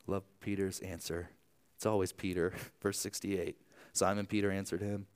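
Man, pastor from Ohio, sermon, shifts between soft hush and loud emphasis, lively delivery. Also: low voice, normal speed, smooth. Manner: animated, dropping to hushed tones.

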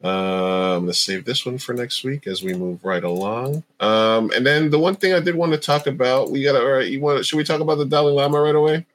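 A man's voice: mid-range voice, fairly quick, hardly any pauses. A man co-hosting a podcast in casual chat, hesitant and hedging, full of fillers and restarts. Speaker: podcast co-host.

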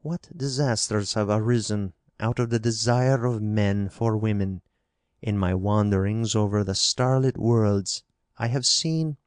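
A man reading the part of a stern older alien ruler and father, speaking in a measured, commanding way. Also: on the low side, clear, resonant tone, no room sound, clean studio sound, close to an everyday voice. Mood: reflective.

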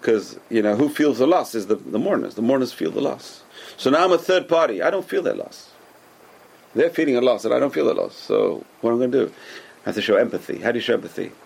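Fast, gravelly rabbi teaching a class. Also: male voice, mid-range voice. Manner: animated, repetitive, asks and answers his own rhetorical questions. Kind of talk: Torah class lecture.

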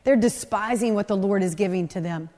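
A woman preaching a sermon, telling a scripture story in an animated, conversational way with lively asides to the listeners. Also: mid-range voice, fairly quick, in a large hall.

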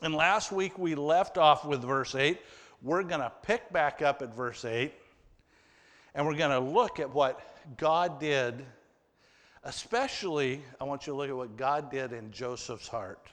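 Slow-speaking preacher in a reverberant hall. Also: male voice, medium pitch, fairly bright tone. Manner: earnest, addressing the congregation directly. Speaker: pastor. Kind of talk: sermon reading and explaining scripture.

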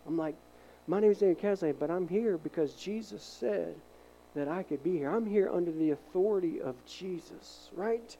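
A man preaching from the pulpit with a warm, mellow tone. His delivery is animated; he acts out voices in his stories and sometimes drops to a soft hush to stress a point. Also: high voice, normal speed, creaky, a little hiss or hum, rough recording. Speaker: pastor. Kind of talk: sermon.

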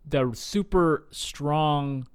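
A man co-hosting a podcast, thinking aloud about films in a halting, casual way with many restarts. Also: on the high side, clear, resonant tone, no room sound, clean studio sound. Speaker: podcast co-host. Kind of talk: casual film discussion.

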